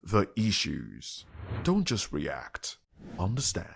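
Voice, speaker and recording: A man reads a TV promo in a low, husky, gravelly voice. He delivers it punchy and emphatic, with lively rises and falls. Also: takes it slowly. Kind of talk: dramatic scripted promo narration.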